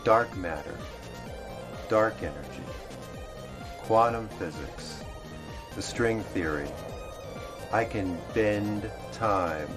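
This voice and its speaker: A man playing a slow, deep-voiced time-bending boaster. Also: animated, music in the background. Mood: solemn boasting. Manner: slow, solemn declarations. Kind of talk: film dialogue.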